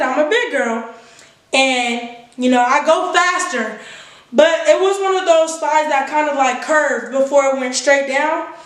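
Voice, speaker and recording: A woman vlogger telling a funny personal story in a casual, animated way, laughing and swearing as she goes. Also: high-pitched. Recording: roomy echo from a distance.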